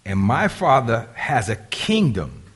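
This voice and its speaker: An older man, a grandfather, preaching a sermon and swinging from hushed asides to loud, raised bursts. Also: medium pitch, wildly swooping pitch, slow pace, slightly rough. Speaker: pastor.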